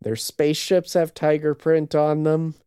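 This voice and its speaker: A man co-hosting a casual podcast chat, explaining things in a relaxed, amused, drawn-out way. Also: fairly high pitch, smooth, no echo, clean studio sound. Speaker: podcast co-host. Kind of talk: casual chat about anime.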